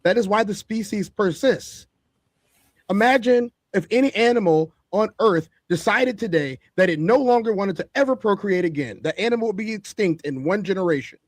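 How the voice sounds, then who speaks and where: Guy cohosting a talk show, preachy and emphatic, repeats himself for effect, kinda high voice. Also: expressive, normal speed, no echo, clean studio sound. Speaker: podcast co-host. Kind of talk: opinionated talk-show commentary.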